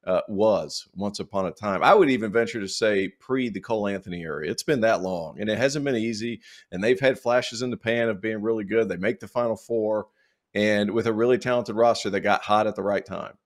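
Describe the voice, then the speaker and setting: A man with a Southern accent giving loose, rambling basketball takes on a podcast, joking as he thinks aloud. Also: on the low side. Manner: rambling, joking, self-correcting. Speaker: basketball analyst. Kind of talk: casual sports chat.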